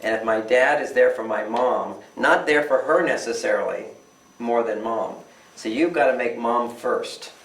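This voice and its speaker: Fielding interview questions, an older relationship author speaks with emphasis in a mid-range, fairly bright voice at a moderate pace, frequently voicing the people he quotes. The recording is echoey, picked up by a distant mic.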